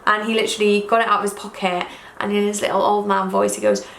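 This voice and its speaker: A woman's voice: mid-range voice, little pitch movement, fast talker, fairly bright tone, a little hiss or hum. A young woman chatting rambly and gushing to her viewers while doing her makeup at home, full of "like" and "um". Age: young adult. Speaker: YouTuber. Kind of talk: casual get-ready-with-me chat while doing makeup. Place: room in her own house. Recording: echoey room with faint ambience.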